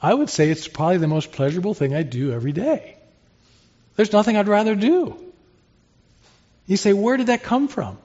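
A man's voice: high voice, very animated, brisk, pauses often, mellow. A man preaching an expository sermon in an earnest, conversational way, asking and answering rhetorical questions. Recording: slightly dull, lo-fi sermon recording.

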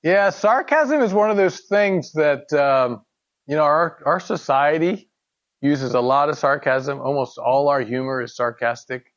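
A man's voice: a little high, measured pace, muffled recording. A man leading a casual Bible study discussion, talking in a thoughtful, conversational way with frequent fillers and restarts.

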